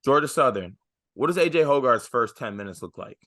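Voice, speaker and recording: A young man co-hosting a casual sports podcast, skeptical and quick to push back on his partner. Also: medium pitch, expressive, a bit bright, no room sound, studio quality. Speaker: podcast co-host.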